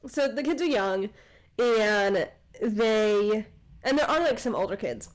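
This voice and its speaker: A woman co-hosting a podcast, casually retelling a film's plot with lots of "like" fillers and quick asides. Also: mid-range voice, lively intonation, poor audio. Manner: rambling retelling of a film plot, many "like" fillers. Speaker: podcast co-host. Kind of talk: casual chat.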